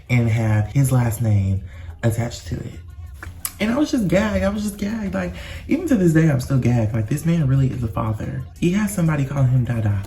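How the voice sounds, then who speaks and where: Mellow-voiced young man telling a storytime. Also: medium pitch. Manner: animated, dramatic, slangy and profane. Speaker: vlogger. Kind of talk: casual storytime.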